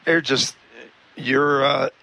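A former defensive football player talking football in an animated, emphatic way on a sports talk show. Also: male voice, mid-range voice, takes it slowly, vocal fry, rough recording.

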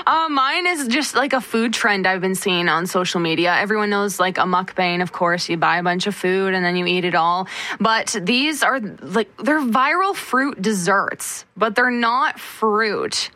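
A woman's voice: medium pitch, a little slow, pushed and bright, dry recording. A woman co-hosting a radio show, talking casually with many fillers.

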